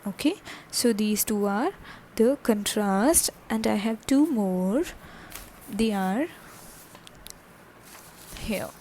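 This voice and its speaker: A woman's voice: mid-range voice, lively intonation, slow, long pauses, dark tone, slight background noise. A woman teaching a French lesson, repeating each word, spelling it out letter by letter and checking in with "okay?" again and again. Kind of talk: slow explanatory language lesson.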